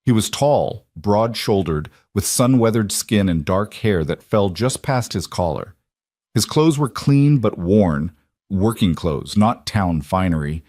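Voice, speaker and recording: A man reading a western romance story in an even, unhurried storytelling voice. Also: on the low side, no room sound, clean studio sound. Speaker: narrator. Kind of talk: scripted audiobook narration.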